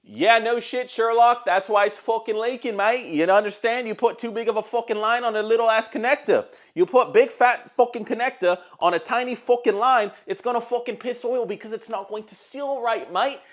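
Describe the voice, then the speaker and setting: A man's voice: very high voice, moderate pace, hardly any pauses, voice pushed up. A man voicing a mock Australian bloke who scolds a mechanic with swearing and exasperation, in a put-on Australian accent. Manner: profane, mocking, exasperated.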